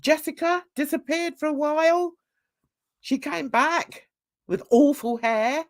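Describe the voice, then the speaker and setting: A woman's voice: sits high, a little slow. A woman hosting casual reaction commentary, chatty and gossipy, laughing often. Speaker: commentary channel host.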